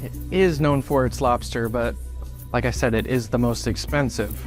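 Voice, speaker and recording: A man's voice: mid-range voice, normal speed, faint music behind, natural voice. A man playing a condescending, sarcastic restaurant host in a comedy skit. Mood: snide. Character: smug rude male restaurant host. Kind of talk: skit acting.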